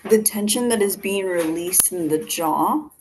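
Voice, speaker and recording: A woman leading a face yoga class over a video call, giving calm step-by-step cues and counting breaths. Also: fairly low pitch, unhurried. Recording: video call audio with faint background noise.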